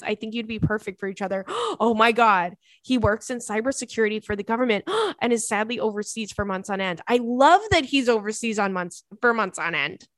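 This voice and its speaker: A woman's voice: medium pitch, fairly bright tone, no room sound. Young woman podcast host, effusive and gushing, casual chat, dry close sound. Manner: gushing, effusive, frequent "oh my God". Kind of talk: casual chat reading listener emails.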